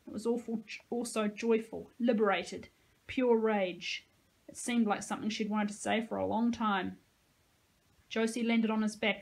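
Casting: woman teacher reading a novel aloud, dramatic and expressive, mid-pitched voice. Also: low-quality recording.

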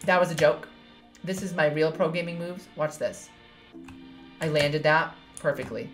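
A woman's voice: low voice, brisk, faint music behind. A young woman from New York giving playful, swear-filled commentary while playing a video game. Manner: playful, swears, squeals when jumping. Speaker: gaming streamer. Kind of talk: casual let's-play commentary.

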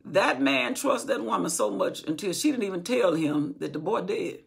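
A woman's voice: fairly low pitch, big pitch swings, moderate pace, creaky, slightly rough. A woman telling a Bible story from memory in an informal teaching style, acting out what the people in it say. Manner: retells from memory, acting out quoted speech.

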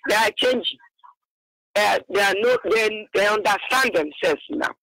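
A woman from Abakaliki, calling in to a radio show and talking in a hurried, halting way. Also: medium pitch, a bit bright, no room sound, rough recording. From Abakaliki, Nigeria. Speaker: caller. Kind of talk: phone-in call.

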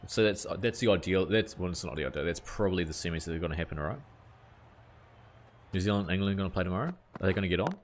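A man's voice: sits low, expressive, quick pace, slight background noise. A young man chatting casually to viewers on a live game stream, easygoing and full of questions. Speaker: gaming streamer.

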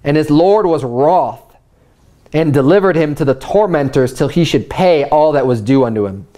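A man's voice: on the high side, animated, moderate pace, warm tone. A man pastor giving a sermon, reading scripture aloud and retelling it in casual everyday speech. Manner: conversational preaching, paraphrasing scripture in everyday speech; reads scripture aloud in archaic wording.

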